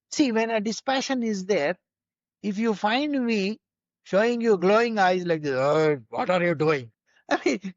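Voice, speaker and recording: A woman's voice: on the low side, no room sound. Woman teaching earnestly. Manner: earnest, explanatory, with Sanskrit terms and frequent "you know". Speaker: spiritual teacher. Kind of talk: spiritual teaching in a conversation. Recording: dry, slightly dull sound.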